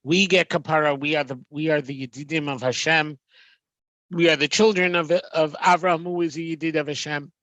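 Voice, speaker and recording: A man's voice: fairly high pitch, steady tone, brisk, fairly bright tone, dry recording. A man teaching a text study, reading Hebrew phrases and translating them with frequent ums and restarts. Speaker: Torah teacher.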